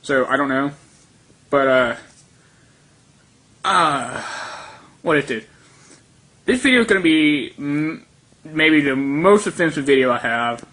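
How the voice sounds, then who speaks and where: A man's voice: fairly high pitch, expressive, slow pace, pauses often, bright, forceful tone. A young man in a played clip of his own rant video, rambling crudely and offhand.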